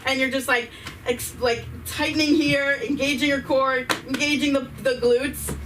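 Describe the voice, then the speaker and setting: A woman's voice: sits high, fairly even intonation, normal speed, recorded from a distance. A woman doing stand-up comedy at an open mic night, rambling and giggling at her own jokes in a self-deprecating way. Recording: off-mic voice with faint room noise.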